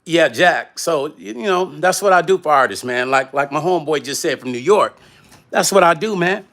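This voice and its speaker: A man who makes music chats casually on a livestream from his home studio. He reads viewer comments aloud as he talks, and his voice is bright and sits a little high. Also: expressive, a little fast. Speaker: music producer and vlog host.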